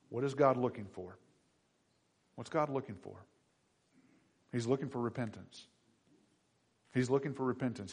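Husky-voiced man preaching conversationally. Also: mid-range voice. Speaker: pastor. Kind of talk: sermon.

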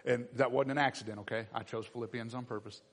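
A man preaching a sermon to his church, animated and acting out the voices of everyday people. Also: medium pitch, fast talker. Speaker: pastor. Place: church sanctuary. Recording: long reverb in a church hall.

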